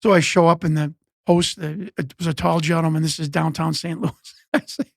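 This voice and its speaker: A middle-aged man with a high, gravelly voice spins loose, winding stories and slips into voiced quotes as he goes. The sound is dry and close, with no room around it. He stops and restarts often and wanders from one tale into the next. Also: steady tone, fairly quick, dry recording. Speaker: interview guest, former pro wrestler. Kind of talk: casual storytelling.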